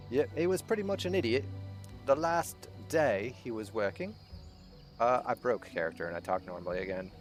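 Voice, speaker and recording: A man chatting casually over his gameplay, crude and jokey, swearing freely as he goes. His voice sits at an ordinary middle pitch, with faint music playing under him. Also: expressive, moderate pace. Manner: crude, joking, heavy swearing. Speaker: let's play host.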